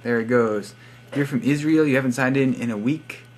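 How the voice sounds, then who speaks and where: Here a young man with a somewhat mellow, mid-range voice talks at a moderate pace, with slight background noise. He's at his computer in a room at home, rambling through a casual vlog, giving shoutouts, joking around and sometimes putting on accents.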